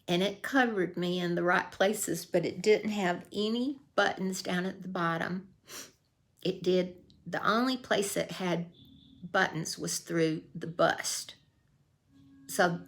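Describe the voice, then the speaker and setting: A woman's voice: lowish voice, gravelly, a bit bright. An older woman telling a folksy true story in a casual vlog, acting out the voices she quotes. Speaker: vlogger.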